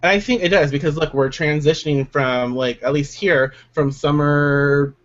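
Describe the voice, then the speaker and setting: A fairly high-voiced man chatting casually, animated, jokey and quick to swear. The sound is dull and lo-fi, like a home recording. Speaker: podcast co-host. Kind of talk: casual chat.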